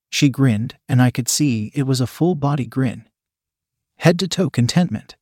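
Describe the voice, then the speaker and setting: Man, first-person story narration, quiet even reading, mid pitch, dry. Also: moderate pace, slightly rough, dry recording.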